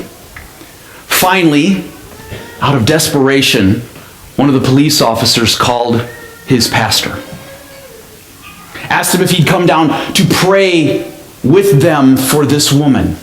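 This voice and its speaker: A male pastor telling a story in a sermon, with an expressive delivery that speeds up and slows down. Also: a little high, slight background noise. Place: church sanctuary. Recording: echoey church sanctuary.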